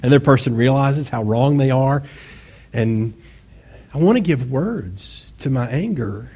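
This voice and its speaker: Male pastor, husky tone, casual sermon delivery that swings between quiet reflection and punchy emphasis. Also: medium pitch, animated, a little slow. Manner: conversational, self-deprecating preaching with sudden bursts of intensity.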